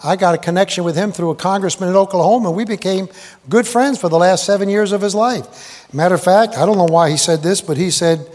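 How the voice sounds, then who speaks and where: A high-pitched male preacher delivers a wandering, joke-laced sermon in a big hall. His talk is folksy and full of asides, and he keeps quizzing the congregation. A long reverb trails every phrase. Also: a little fast, a little mellow. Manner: folksy, digressive, quizzes the audience. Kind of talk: rambling sermon with jokes and asides. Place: large hall with live congregation.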